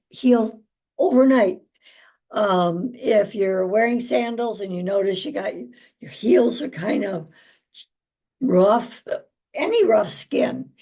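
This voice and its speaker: An older woman talks slowly and chattily, like a neighbor catching you up on her month. Her voice has a gravelly, slightly husky texture, and she drifts through fillers and little asides as a traditional naturopath sharing home remedies. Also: medium pitch, dark tone. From United States. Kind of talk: casual chat vlog.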